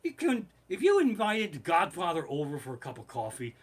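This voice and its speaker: A man's voice: on the high side, fairly quick. A man doing comedic storytelling on a live stream from his living room, rambling, swearing freely and getting heated. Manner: profane, rambling and animated. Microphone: basic home streaming setup.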